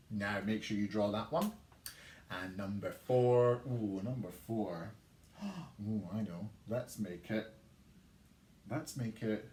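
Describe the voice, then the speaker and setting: A man teaching an online music lesson to young children, his voice swinging up and down as he chants rhythms. He speaks slowly and patiently. The room is echoey with a faint background hiss. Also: lowish voice. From England. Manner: sings out rhythm words, lively and encouraging.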